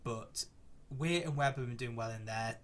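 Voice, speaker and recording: A man's voice: mid-range voice, moderate pace. A young man casually commentating on his football management game, chatty and easily exasperated by poor play. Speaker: gaming YouTuber. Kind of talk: gameplay commentary.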